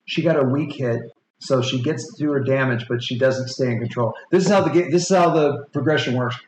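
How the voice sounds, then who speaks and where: Rambling game master, echoey room. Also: male voice, mid-range voice, fairly quick. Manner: rambling rules explanations, many fillers. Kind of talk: narrating a tabletop game. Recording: echoey room with faint noise.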